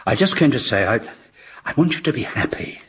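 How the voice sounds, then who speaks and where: An actor playing an awkward, gentle male ghost in a radio comedy, speaking haltingly and apologetically. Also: mid-range voice, sing-song, slight background noise. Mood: tender.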